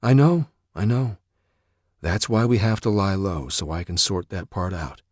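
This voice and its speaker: A man's voice: deep voice, measured pace, darkish tone, no echo, clean studio sound, voice pushed up. A man voicing an anxious, protective father who pleads and defends himself. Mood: defensive.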